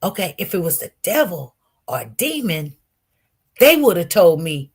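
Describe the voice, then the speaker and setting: A woman telling viewers a personal testimony with great intensity, swinging from loud outbursts to hushed murmurs and often repeating herself. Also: on the low side, very animated, normal speed, husky. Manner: repetitive, restarts. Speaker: online show host.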